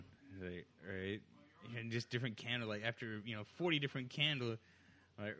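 A man's voice: mid-range voice, animated, fast, a crowd in the background. A man co-hosting a casual podcast from home, joking around, swearing freely and laughing often. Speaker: podcast co-host. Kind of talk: casual chat. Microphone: table microphone.

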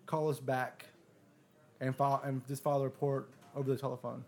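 A man telling a story on a podcast, swearing freely and throwing himself into the quoted lines of other people. His voice sits at an ordinary middle pitch, and he stumbles and restarts as he builds up to the next bit. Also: brisk. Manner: profane, animated retelling with quoted dialogue. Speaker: podcast guest. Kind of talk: casual storytelling.

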